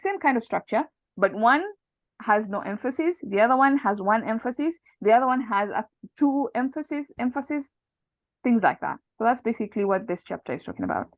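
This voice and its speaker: A woman with a fairly high, expressive voice speaks briskly while leading a casual online study group, working through her translation step by step with restarts and filler words. The recording sounds dull, dry, and lo-fi.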